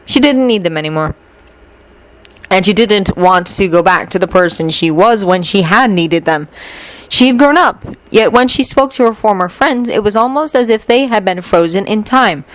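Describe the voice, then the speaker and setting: A woman reading fanfiction aloud as an expressive storyteller. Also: mid-range voice, no echo, low-quality recording. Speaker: fanfiction audiobook reader. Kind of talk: storytelling narration.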